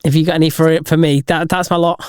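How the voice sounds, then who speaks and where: A man co-hosting a casual podcast, telling jokes deliberately and chuckling at his own punchlines. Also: a little high, little pitch movement, clear, resonant tone, no room sound, studio quality. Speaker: podcast co-host.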